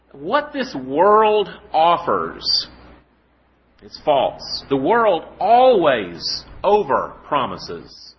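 Male preacher, sermon delivery, animated pitch, dull lo-fi recording. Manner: storytelling, rhetorical questions, slow emphatic scripture reading.

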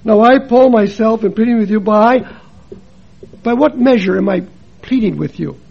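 Husky high-voiced male preacher. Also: normal speed, dull audio. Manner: storytelling, switches between quiet and emphatic. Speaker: preacher and missionary. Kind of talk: sermon with personal stories.

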